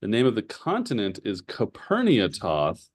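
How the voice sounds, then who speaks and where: A man's voice: fairly low pitch, huge pitch swings, moderate pace, no room sound. A man running a tabletop game as game master, explaining the world to his players in a matter-of-fact way.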